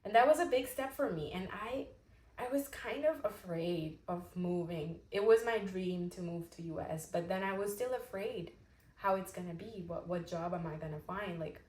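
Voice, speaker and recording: A woman's voice: fairly low pitch, moderate pace. Earnest woman vlogger in an echoey room. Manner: earnest, animated, with many fillers. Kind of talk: casual talk to camera.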